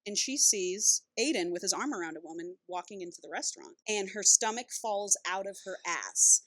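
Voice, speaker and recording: A woman podcast co-host recapping a novel in casual, animated storytelling with casual profanity. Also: medium pitch, moderate pace, no room sound.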